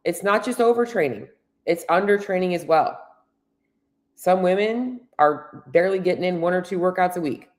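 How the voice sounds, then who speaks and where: Woman health coach for a solo podcast, lowish voice, earnest and blunt, happy to swear. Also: lively intonation, normal speed. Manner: blunt and candid, swears freely; earnest, coaching tone addressing women directly.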